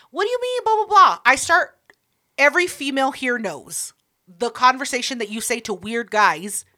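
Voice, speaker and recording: A woman's voice: fairly high pitch, pushed and bright. A woman co-hosting a casual chat, telling her side of a story in a playful, profane, indignant way.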